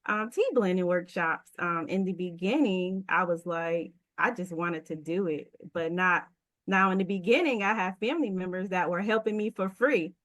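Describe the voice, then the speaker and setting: A woman's voice: fairly low pitch, normal speed, a bit bright, no echo. A woman business owner, a guest on an interview show, talking candidly and casually about her work. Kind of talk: conversational interview.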